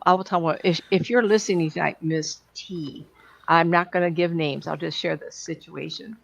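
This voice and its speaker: Gravelly woman medium telling stories. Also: fairly low pitch, highs cut off. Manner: chatty, laughing, acts out quoted voices. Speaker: psychic medium guest. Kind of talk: rambling anecdotal storytelling.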